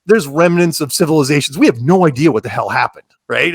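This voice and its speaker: A man guest on a podcast, talking casually in an animated, joking way, with quick asides and frequent restarts. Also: a little high, vocal fry, breathy edge, no room sound, clean studio sound.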